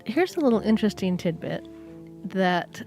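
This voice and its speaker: A woman's voice: mid-range voice, sing-song, moderate pace, a little mellow, faint music behind. A woman co-hosting a podcast, chatty and digressive in casual conversation. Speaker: podcast co-host.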